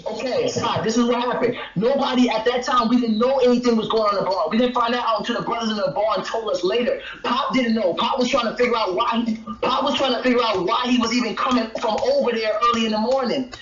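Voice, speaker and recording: A man in a heated, profane argument, shouting and defensive as a debate guest. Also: very high voice, fast, hardly any pauses, distant mic. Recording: roomy lo-fi call with crowd.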